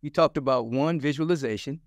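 A man's voice: a little high, brisk, dry recording. Man hosting, summing up points, dry mic. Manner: sums up the guest's points in numbered steps. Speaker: podcast host. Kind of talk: conversational interview.

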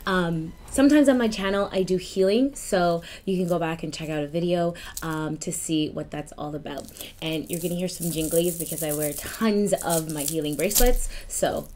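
A woman in her thirties, a healer and life coach, talking openly to camera in a personal vlog, with many ums and repeats and now and then a breathy whisper. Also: on the low side, moderate pace, slight background noise. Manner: warm confiding talk with many ums and repeats.

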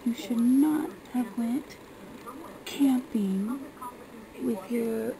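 A woman's voice: mid-range voice, a little slow, a crowd in the background, poor audio. Indignant woman vlogger ranting. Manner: indignant, scolding, sarcastic. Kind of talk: casual rant to camera.

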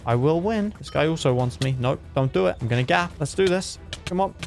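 A young gaming streamer gives live commentary on his gameplay in a lively, mid-range voice with some vocal fry, talking a little fast. He's excitable, and his pitch jumps sharply upward when fights get tense. Soft music plays faintly in the background.

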